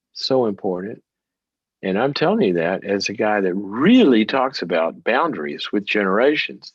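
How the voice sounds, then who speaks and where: An animated man hosting a call-in advice show. His voice swings widely as he leans on words and repeats them for emphasis. The sound is dry and a little dull. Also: deep voice, breathy edge, dry recording. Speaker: host.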